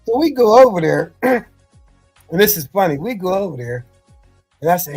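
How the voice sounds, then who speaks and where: A man's voice: high voice, lively intonation, moderate pace, pauses often, darkish tone, husky, soft background music. A middle-aged man, a former football coach, telling rambling family anecdotes in casual podcast chat, often saying "you know".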